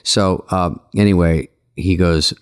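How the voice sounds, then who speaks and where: A man's voice: sits low, fairly even intonation, slow pace, clear, resonant tone. A middle-aged man co-hosting a podcast, telling stories in a dry, sarcastic way and acting out other people. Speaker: podcast co-host. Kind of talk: casual anecdote telling.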